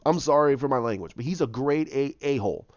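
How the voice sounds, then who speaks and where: A man casually retelling his own story idea, rambling and animated as he goes. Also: medium pitch, fast talker, no room sound. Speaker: fan pitching a film plot. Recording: dull lo-fi dry mic.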